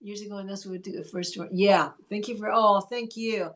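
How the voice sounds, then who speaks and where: Woman, livestream host, casual chat, encouraging, reads comments aloud, mid-pitched voice. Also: fairly even intonation, a little fast, a bit bright.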